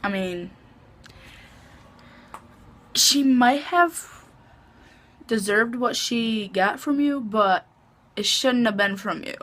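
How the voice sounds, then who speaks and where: A woman's voice: on the high side, expressive, takes it slowly, long pauses, a bit bright. A woman imitating her exasperated mother, who scolds her in a half-stern way.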